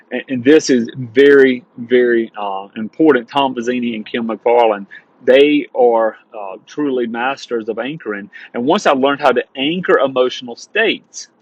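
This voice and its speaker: A man teaching sales coaching in an energetic monologue, emphatic and repetitive, talking straight to his listeners. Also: medium pitch, no echo, dull audio. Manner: emphatic, repeats phrases, addresses listeners as guys.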